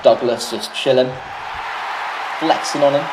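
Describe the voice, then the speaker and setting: A British man calls a wrestling video game match alone in a mid-pitched voice, chatty and loose. He swears freely and wanders off into jokey tangents. A steady hiss of background noise runs beneath his voice. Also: measured pace, crowd noise. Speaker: solo commentator. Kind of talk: casual play-by-play commentary of a wrestling video game.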